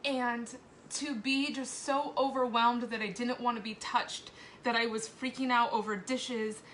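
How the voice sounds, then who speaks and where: A woman's voice: a little high, steady tone, measured pace, fairly bright tone, slight background noise. A woman in her thirties, a mother, talking candidly and tearfully in a live video, swearing and laughing between sentences. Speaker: mother sharing a personal testimonial. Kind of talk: emotional live video confession.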